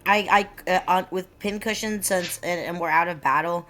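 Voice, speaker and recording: A woman's voice: on the low side, fairly even intonation, moderate pace, fairly bright tone. A woman playing a tabletop game with a dry, wry manner who stammers when unsure. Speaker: player. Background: faint background music.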